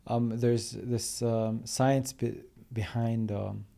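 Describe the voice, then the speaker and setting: A man hosting a podcast interview, thinking out loud in a halting way with many fillers. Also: mid-range voice, fairly even intonation, gravelly. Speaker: podcast host. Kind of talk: casual interview chat.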